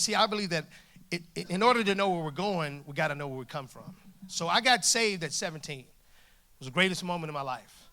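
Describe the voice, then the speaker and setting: A guest preacher, a man in his forties, delivers a funny sermon to a congregation from a church stage. His voice is bright, forceful, and a bit high for a man, and his storytelling is lively and jokey, with the dialogue acted out as he goes.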